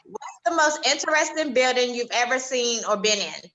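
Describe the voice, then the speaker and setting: A woman's voice: on the high side, lively intonation, moderate pace, pushed and bright, low-quality recording. A woman co-hosting an interview in an upbeat, chatty way, laughing easily as she asks questions. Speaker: co-host. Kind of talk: casual interview chat.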